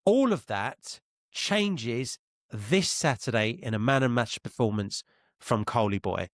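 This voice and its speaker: Man, mid-pitched, confident and teasing football podcast co-host, dry close sound. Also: animated, measured pace, no room sound. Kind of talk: casual football podcast chat.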